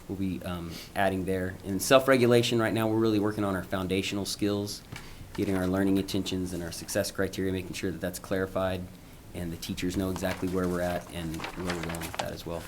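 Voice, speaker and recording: A man, a school principal, giving an informal, halting presentation at a school board meeting, with frequent ums and restarts. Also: sits low, little pitch movement, slight background noise.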